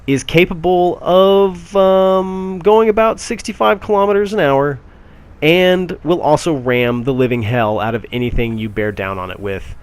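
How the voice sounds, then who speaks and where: A man giving casual gameplay commentary on a tank game, chatty with frequent fillers and restarts. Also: medium pitch.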